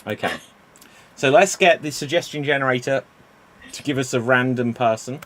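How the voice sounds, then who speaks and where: A man hosts a streamed improv game in a loose, rambling way, often tripping over his words and joking about his slips. His voice sits at an ordinary middle pitch. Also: normal speed, a bit bright, a little hiss or hum. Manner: rambling, self-correcting, playful. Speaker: improv show host.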